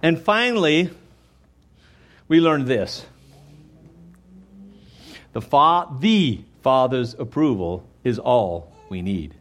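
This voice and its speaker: A man's voice: medium pitch, lively intonation, slow pace, pauses often, fairly bright tone. A man preaching a sermon, speaking emphatically and addressing the congregation directly, and sometimes acting out quoted voices. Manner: acts out quoted voices in dialogue. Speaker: pastor.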